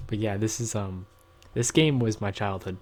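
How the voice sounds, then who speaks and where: A man's voice: lowish voice, a little mellow. A young man in his late teens hosting a casual let's-play, rambling and chatty with frequent fillers and self-corrections, recorded on a desk microphone at home. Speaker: gaming channel host.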